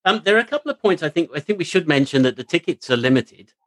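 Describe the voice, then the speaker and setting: A man's voice: a little high, big pitch swings, fast, a bit bright, no echo, poor audio. A man co-hosting a casual book chat, friendly and hesitant, with many ums and restarts. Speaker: podcast co-host.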